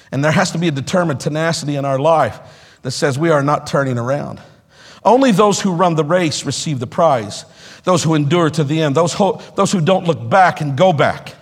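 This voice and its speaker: High-voiced male preacher in a reverberant church. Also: breathy edge. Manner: preaching with call-and-response, swings between quiet talk and shouted exhortation. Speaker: pastor. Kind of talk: sermon. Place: church sanctuary.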